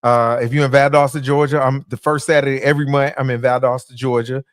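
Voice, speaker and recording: A man chats on a podcast in a loose, joking way, his words full of fillers and restarts. His voice sits at a middle pitch. The sound is dry and close to the mic. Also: level tone, fast, clean tone, dry recording. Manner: laid-back, joking, with frequent fillers and restarts. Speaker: comedian guest. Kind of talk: casual podcast chat.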